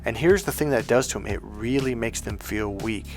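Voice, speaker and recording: A male life coach telling stories in a casual, animated way, bluntly swearing and acting out the people he quotes with raised voices. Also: on the low side, normal speed, soft background music. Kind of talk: casual storytelling monologue.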